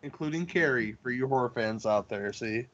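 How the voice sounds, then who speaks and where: A man's voice: mid-range voice, moderate pace, noisy background. A man co-hosting a casual movie commentary chat, sharing film trivia in a rambling way with restarts, on slightly dull lo-fi audio. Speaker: podcast co-host.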